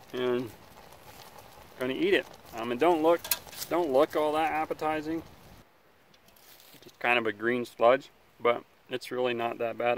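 A man hosting a casual outdoor survival vlog, talking in a relaxed, rambling way by a campfire, sometimes chewing as he speaks. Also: mid-range voice, a little hiss or hum. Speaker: outdoor survival channel host.

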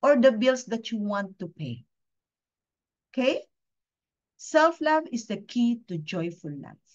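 A woman's voice: fairly high pitch, big pitch swings, slow pace. A woman from the Philippines giving an emotional personal testimony as a guest speaker at a training session, earnest and confiding, often putting questions to her listeners. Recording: dull lo-fi sound.

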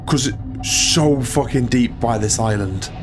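A man's voice: mid-range voice, measured pace, music in the background. A man hosting a gaming channel, giving jittery let's-play commentary full of swearing and muttered self-talk. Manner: jittery, swears a lot, talks to himself.

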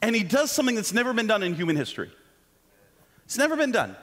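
A man preaching a sermon in a church, animated and joking, with self-deprecating asides. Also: high voice, quick pace, in a large hall. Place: church sanctuary.

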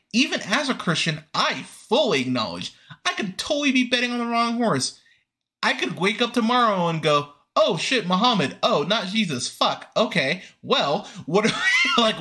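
A man's voice: on the high side, bright, forceful tone. A young man hosting a movie review podcast, ranting with sarcasm and profanity about a film he disliked.

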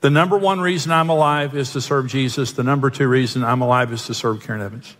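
A man's voice: mid-range voice, steady tone, fast talker, a bit bright. A male pastor preaching a sermon, telling jokes and self-mocking stories. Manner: joking, self-mocking storyteller. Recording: long hall reverb.

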